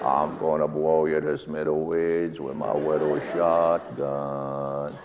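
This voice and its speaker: A man voicing a dim, lisping male cartoon hunter, low and drawn out, on a live comedy stage. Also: little pitch movement, slow pace, lo-fi sound, very noisy. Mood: dopey.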